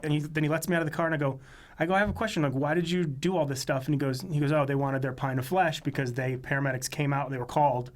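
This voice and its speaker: A man with a slightly higher-pitched voice tells a story in casual chat. His easygoing delivery leans on quoted dialogue and the odd laugh. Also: fairly even intonation, rapid-fire. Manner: laid-back storyteller who quotes people and laughs along.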